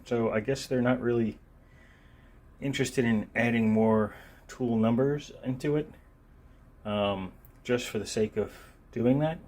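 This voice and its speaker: Low-voiced man doing a loose gear review. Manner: relaxed, meandering, frequent ums and uhs. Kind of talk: unscripted product review. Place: filming himself while handling the tool.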